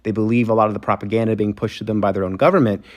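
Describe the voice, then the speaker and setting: A man's voice: on the low side, level tone, very fast. A man giving a sarcastic, profane opinion monologue that is full of mocking asides. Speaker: commentator.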